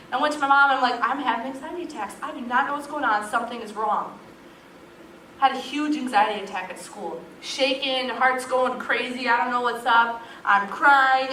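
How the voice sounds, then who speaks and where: A woman's voice: a little high, a bit bright, a little hiss or hum. A young woman giving an earnest, confessional testimony to a youth group and urging listeners. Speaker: youth speaker. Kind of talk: personal testimony talk. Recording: echoey room from far off.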